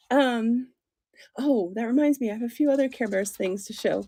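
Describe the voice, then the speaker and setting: A woman's voice: sits high, moderate pace, dark tone. A woman hosting a casual doll chat live stream from home, rambling and giggling as she talks toward a tablet. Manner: chatty, giggly, rambling with fillers. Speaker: doll channel host. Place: home room, seated on a chair. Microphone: tablet on a stand.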